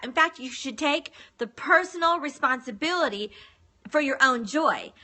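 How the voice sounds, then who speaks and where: Bright, high-voiced woman giving advice. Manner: earnest, chatty, repeats words for emphasis. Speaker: relationship counselor. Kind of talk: live-streamed advice talk. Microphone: phone.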